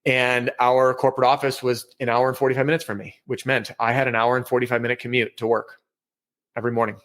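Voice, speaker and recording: A man's voice: medium pitch, little pitch movement, quick pace, a bit bright. A man as a podcast guest, telling his story in a candid, self-deprecating way.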